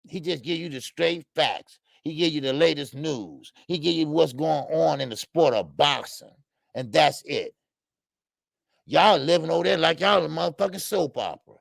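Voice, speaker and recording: Gravelly, dry-miked male livestream host; blunt, heated, profane delivery. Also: on the high side, fairly bright tone, no room sound.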